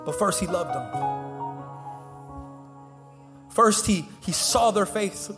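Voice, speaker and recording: A man preaching a sermon as pastor to his church, impassioned, swinging between soft and loud and repeating words. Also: high-pitched, lively intonation, takes it slowly, in a large hall, soft background music. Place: church sanctuary.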